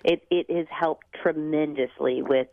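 Southern lady, low voice, bubbly and talky on a radio show, kinda muffled line. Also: fairly even intonation, unhurried, creaky, no room sound. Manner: chatty, upbeat, laughing, lots of "like" and restarts. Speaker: cookbook author and TV cook, radio guest. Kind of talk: radio interview.

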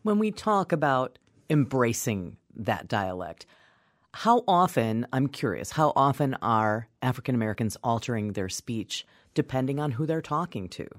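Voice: mid-range voice, big pitch swings, normal speed, no echo, clean studio sound. A radio host thanking a caller and putting inquisitive questions to a guest. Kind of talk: call-in radio hosting.

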